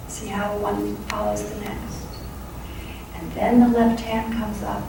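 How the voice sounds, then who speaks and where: A middle-aged woman gently leads a qigong class, her instructions calm with small jokes. She sounds distant in a very echoey room. Steady background noise runs underneath. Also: medium pitch, slow pace. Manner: calm, gently guiding, playful asides. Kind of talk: guided exercise instruction. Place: large echoey meeting room. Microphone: lapel mic.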